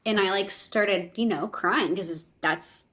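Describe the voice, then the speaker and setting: A young woman chats as a podcast guest, recounting a story in an easygoing, filler-heavy way. Her voice sits at an ordinary middle pitch for a woman. She slips into animated voices whenever she quotes the people in her story. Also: measured pace. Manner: chatty, filler-heavy retelling with many "like"s, quoting others in lively voices. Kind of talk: casual conversational storytelling.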